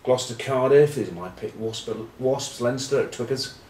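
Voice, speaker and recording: A man's voice: mid-range voice, normal speed, a little mellow, slight background noise. A man, rambling wryly and cheekily in casual rugby chat to camera. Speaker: rugby pundit and vlog host. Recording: roomy echo, distant mic.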